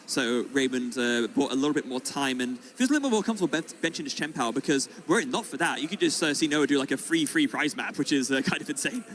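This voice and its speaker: A man giving color commentary on a live card game match, quick to react, with many fillers and laughs. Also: medium pitch, a bit bright.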